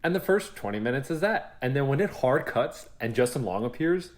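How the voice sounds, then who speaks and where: A man's voice: mid-range voice, brisk. A young man co-hosting a podcast, chatting casually and acting out what people said, with some swearing. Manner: animated storyteller, acts out quotes, swears freely. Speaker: podcast co-host. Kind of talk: casual chat.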